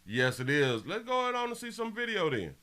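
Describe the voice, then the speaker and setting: Amid crowd noise, a male live-show host with a high, wildly swooping voice talks a little fast. He gives loose, casual news commentary, addresses viewers directly as "y'all" and thinks out loud.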